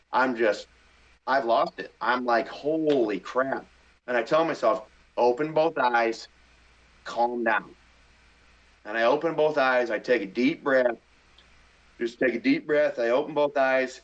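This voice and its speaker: A middle-aged man, a podcast guest, telling a story in casual chat, animated and excitable, acting out his own inner voice. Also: mid-range voice, highs cut off.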